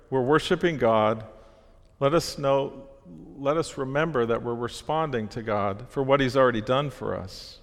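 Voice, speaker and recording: Man, sermon, earnest steady delivery, mid-pitched voice, long hall reverb. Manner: earnest, steady teaching with small restarts.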